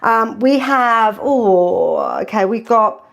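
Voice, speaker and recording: A woman's voice: a little high, takes it slowly. A woman hosting a live cooking stream from her kitchen, chatty and a little nervous, with lots of ums and restarts as she greets viewers. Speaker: food channel host.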